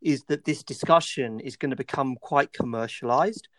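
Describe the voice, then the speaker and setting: A man's voice: medium pitch, moderate pace, no room sound. A man hosting an expert discussion, asking long, rambling questions. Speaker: host.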